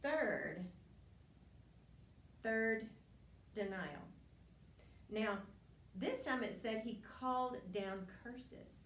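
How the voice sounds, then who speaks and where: In a church classroom, a woman teaches a Bible lesson, earnestly retelling scripture as a story with many restarts and asides. Her voice is on the high side and expressive, stretching out words and pausing often. The recording is roomy, with a distant mic, faint ambience, and a slight hiss or hum.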